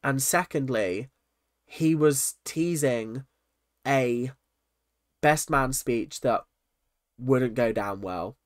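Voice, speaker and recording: A man's voice: medium pitch, extremely slow, pauses often, no room sound, clean studio sound. Chatty, exasperated young man ranting. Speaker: reaction vlogger. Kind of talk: casual commentary on a reality show.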